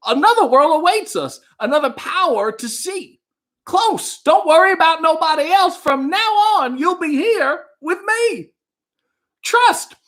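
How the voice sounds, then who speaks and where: A man putting on a jittery, high-voiced crooning impression and singing a love song in a wavering, nasal voice. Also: lively intonation, a little slow, a bit bright, full character voice.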